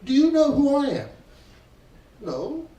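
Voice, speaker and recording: A man doing a calm, courteous waiter. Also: very high voice, takes it slowly, pitched above the performer's own voice, exaggerated voice. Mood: dry. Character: polite, unflappable young male waiter. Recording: roomy hall, distant mic.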